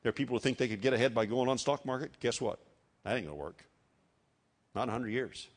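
An older man from Iowa delivers a sermon from the pulpit. He presses his points with rhetorical questions and slows to a solemn, measured pace when reading hymn text. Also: medium pitch. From Iowa, United States. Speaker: preacher.

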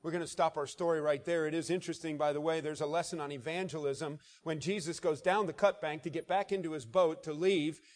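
A man's voice: a little high, steady tone. Man preaching with rising intensity. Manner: reads scripture aloud with rising intensity, slowing for emphasis; conversational asides to the congregation. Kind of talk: sermon with scripture reading.

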